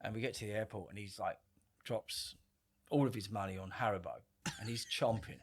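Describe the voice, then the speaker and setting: A middle-aged man telling a story casually on a podcast, animated, swearing freely and acting out quoted lines. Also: on the low side, brisk, slightly rough. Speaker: podcast guest.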